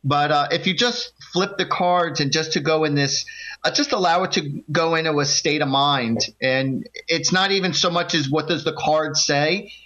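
A man's voice: a little high, normal speed. A man co-hosting a call-in psychic radio show, encouraging the caller and telling stories. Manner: encouraging, storytelling, animated quoting. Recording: dull lo-fi radio sound.

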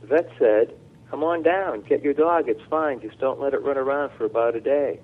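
Guy telling a story slow with lots of uhs, sounds like a phone call. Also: mid-range voice. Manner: slow, halting storytelling with fillers. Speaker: guest. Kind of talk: telling a personal story on a radio show. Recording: tinny phone line.

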